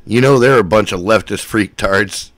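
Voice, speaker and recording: A man's voice: fairly low pitch, normal speed, fairly bright tone, dry recording. A man chatting casually as a show host, laid-back and swearing, smoking and coughing between remarks. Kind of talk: casual chat.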